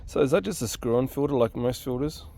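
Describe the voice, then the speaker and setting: A man's voice: medium pitch, quick pace, creaky, dark tone, slight background noise. A young man, the channel host, chatting casually and asking lots of questions while working on a car in a home garage. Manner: chatty, laughs often, asks lots of questions.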